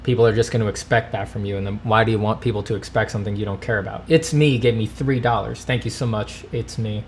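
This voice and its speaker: A man's voice: lowish voice, fairly even intonation, fast, a little hiss or hum. A man hosting a casual livestream, answering viewer questions and thanking donors with dry, self-mocking humor. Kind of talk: casual livestream chat, reading donations.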